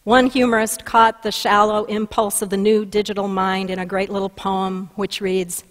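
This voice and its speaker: A woman pastor from Minnesota preaching a sermon, telling a story with lively emphasis. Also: mid-range voice, normal speed. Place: church sanctuary. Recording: church hall reverb.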